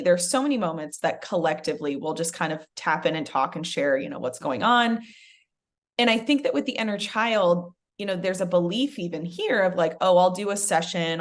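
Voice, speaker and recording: Lady host just chatting, lots of right and you know, voice sits a bit low. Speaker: podcast host. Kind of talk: casual conversational podcast.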